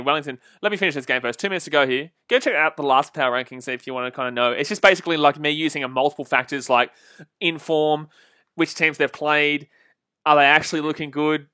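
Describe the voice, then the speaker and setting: A young man casually commenting on a football match live and answering viewer comments, chatty and quick to laugh. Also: medium pitch, sharp tone, no room sound, studio quality. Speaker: livestream football watch-along host.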